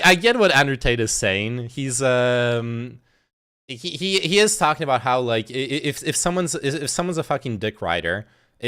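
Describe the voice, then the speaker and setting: A man's voice: mid-range voice, bright, forceful tone, smooth. Rambling, cursing male streamer on a phone mic. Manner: rambling, profane, stammering restarts, frequent laughs. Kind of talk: casual reaction stream commentary.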